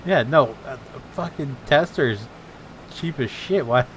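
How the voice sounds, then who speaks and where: Bright-toned man riffing and laughing. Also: mid-range voice, moderate pace, slight background noise. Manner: laughs often, riffs on the story with jokes. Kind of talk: casual chat.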